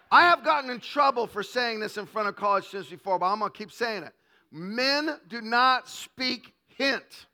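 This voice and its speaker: High-voiced, animated male preacher. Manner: animated, comic storytelling. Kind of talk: humorous sermon.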